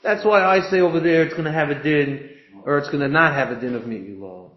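A man's voice: on the high side, brisk. A man, working through a Talmud passage aloud in a study discussion and chanting the text in a singsong. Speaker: study partner. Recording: echoey room, dull lo-fi sound.

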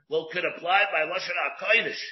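A man's voice: fairly high pitch, normal speed. A man, a rabbi, teaching a Talmud lesson who mixes English with Hebrew and Aramaic study terms and restates each point. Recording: dull lo-fi recording.

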